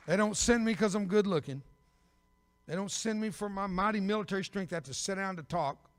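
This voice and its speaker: Older man preaching in a reverberant church. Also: fairly high pitch. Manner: storytelling with bursts of loud emphasis and dry humor. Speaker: evangelist. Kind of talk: preaching a testimony sermon. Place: church sanctuary. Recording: long reverb of a big church.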